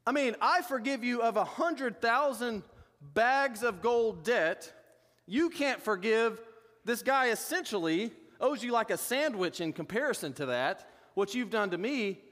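A man's voice: very high-pitched, expressive, a little slow, a bit bright, in a large hall, pitched above the performer's own voice, full character voice. A man voicing an indignant master who scolds an unforgiving servant, incredulous and exasperated.

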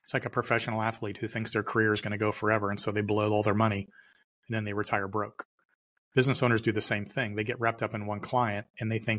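A middle-aged man speaks as a podcast guest in a fairly low voice. He tells his story with emphasis and circles back on his key phrases. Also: little pitch movement, quick pace, fairly bright tone. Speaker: guest entrepreneur. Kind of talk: storytelling interview answer.

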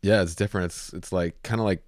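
An American man hosting a podcast, asking relaxed, rambling questions with many fillers. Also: low voice, fast talker, no echo, studio quality. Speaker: podcast host. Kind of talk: casual interview chat.

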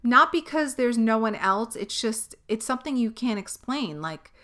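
Young woman podcaster, bright clear voice, rambly and candid, swears a lot. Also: on the high side, animated, moderate pace. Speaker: podcast host. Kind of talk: personal monologue.

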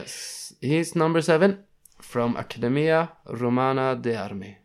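A man's voice: mid-range voice, lively intonation, unhurried, few pauses, smooth. A young man co-hosting a casual podcast, reading ranking lists and tripping over foreign names. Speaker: podcast co-host.

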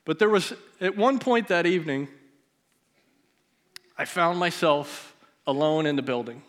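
A pastor telling a personal story in a sermon, his voice dropping to a near hush at the emotional moments. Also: a little high, measured pace. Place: church sanctuary.

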